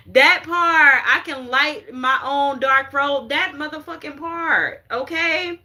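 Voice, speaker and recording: Woman spiritual reader, livestream talk; bright, forceful tone, slightly high voice, profane and quick to laugh. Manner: animated, profane, laughs often; frequent "you get what I'm saying" asides.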